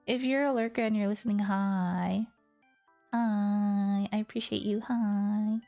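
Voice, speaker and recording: A woman's voice: medium pitch, fairly even intonation, unhurried, mellow, soft background music. A woman streamer chatting casually with her viewers, playful and teasing, laughing often. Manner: giggly, playful and teasing, talks straight to viewers.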